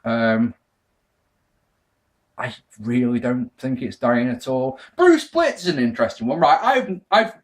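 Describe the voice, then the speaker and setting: A young man casually answering viewer questions about wrestling, ranting and swearing. He jumps between loud bursts and muttered asides. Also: mid-range voice, lively intonation, a little slow. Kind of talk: casual rant.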